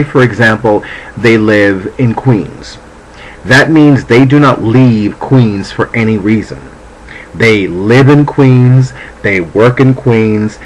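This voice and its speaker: Low-voiced man rambling casually at home. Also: a little hiss or hum, low-quality recording. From New Jersey. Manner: chatty, meandering, swears freely. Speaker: vlogger, psychic. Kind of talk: casual rambling chat to camera. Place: at home, indoors.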